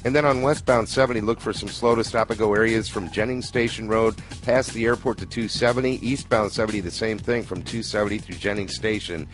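Low voiced traffic guy on the radio, brisk, faint music behind. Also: steady tone. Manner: brisk, matter-of-fact listing. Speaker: traffic reporter.

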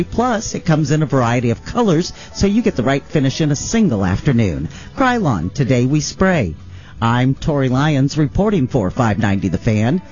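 A man gives a scripted radio traffic report and sponsor read at a brisk clip. His pitch sits a bit high and moves a lot. The sound is dull and lo-fi, with faint music underneath. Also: a little mellow.

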